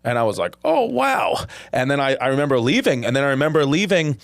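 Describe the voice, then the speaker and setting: A man in his thirties, an American comedian hosting a podcast, telling stories in a quick, animated, foul-mouthed way. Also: mid-range voice, no echo. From United States. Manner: fast, animated storyteller, swears freely. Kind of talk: casual chat.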